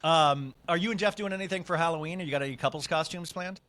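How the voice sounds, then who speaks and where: A man hosting a podcast, chatting in a gossipy, animated way with his guest. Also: fairly high pitch, fast talker. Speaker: podcast host. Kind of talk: casual chat.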